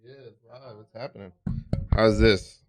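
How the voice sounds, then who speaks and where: A man's voice: fairly low pitch, steady tone, moderate pace, faint music behind. A man hosting a podcast in a radio studio, chatting casually and joking on a studio mic. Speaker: podcast host. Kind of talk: casual chat.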